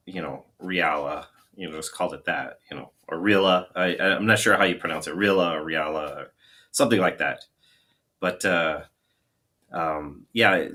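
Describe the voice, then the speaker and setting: A man's voice: sits low, pushed and bright. A man co-hosting a photography live stream, explaining the history of a film stock in a rambling, casual way with repeated words. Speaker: co-host and photography blogger.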